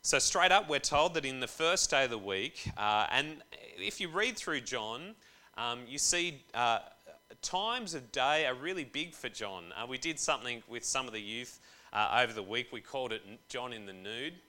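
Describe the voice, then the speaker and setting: A man's voice: medium pitch, animated, moderate pace, pushed and bright. A young man giving a casual, jokey sermon to a church group, full of slang and asides.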